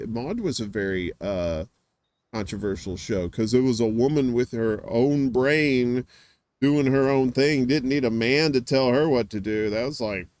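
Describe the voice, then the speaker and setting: A man's voice: medium pitch, darkish tone, no echo. Rambling man hosting a live chat. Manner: rambling, storytelling with frequent filler words; does quick voice impressions of others. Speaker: host. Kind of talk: casual live-stream chat.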